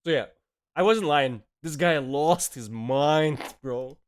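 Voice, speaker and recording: A man's voice: a little high, slow pace, slight background noise. A man who is not a native English speaker, streaming casual reaction commentary in a mocking, sarcastic tone, laughing often and dropping slang like bro and man.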